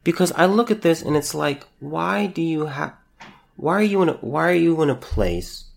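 A man hosting a solo podcast, talking in a halting, emotional way, repeating words as he holds back tears. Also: on the high side, sing-song, vocal fry. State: close to tears. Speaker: podcast host.

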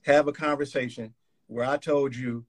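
A man in a heated argument on a live call, staying calm while pressing pointed questions. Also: medium pitch, normal speed.

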